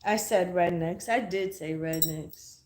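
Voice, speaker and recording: A woman's voice: on the low side, unhurried, a little mellow. A woman hosting a casual livestream podcast, blunt and playful, swearing freely as she chats with viewers. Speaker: podcast host. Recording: echoey room.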